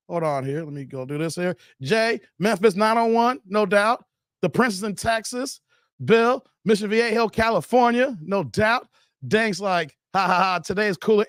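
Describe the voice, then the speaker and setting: A man's voice: high voice, fairly bright tone, no room sound, studio quality. A man hosting a casual livestream who reads out viewer comments, jokes loosely and laughs often. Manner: loose, joking, laughing often, drops into mock voices. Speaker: livestream host.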